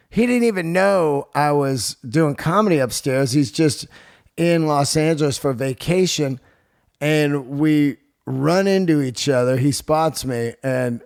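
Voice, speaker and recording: A man hosting his podcast as a comedian, talking loosely and profanely with lots of fillers. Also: a little high. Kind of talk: casual monologue.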